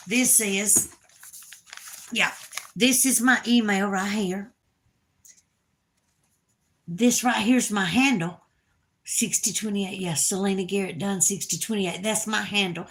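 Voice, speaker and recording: A woman's voice: medium pitch, pushed and bright. A middle-aged woman with a Southern US accent, hosting a casual livestream and chatting in a folksy way with her viewers. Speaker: livestream host.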